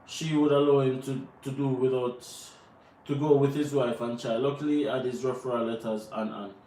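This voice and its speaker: A man's voice: mid-range voice, steady tone, normal speed, mellow. A Jamaican man co-hosting a live Q&A, giving earnest advice to viewers and repeating points for emphasis. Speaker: co-host answering viewer questions. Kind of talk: live Q&A chat. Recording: roomy and distant from the mic, faint noise.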